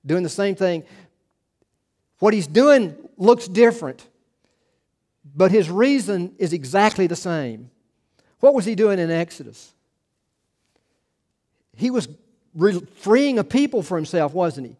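A man's voice: high voice, very animated, a little slow, long pauses, darkish tone. A man preaching a sermon in an emphatic style, repeating key words and restarting his phrases. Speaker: pastor.

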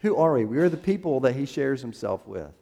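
A man's voice: medium pitch, very animated, a little fast, gravelly, mellow, big-room sound. A male pastor preaching a sermon, emphatic and building to a strong crescendo, with a few restarts and fillers as he finds the verses.

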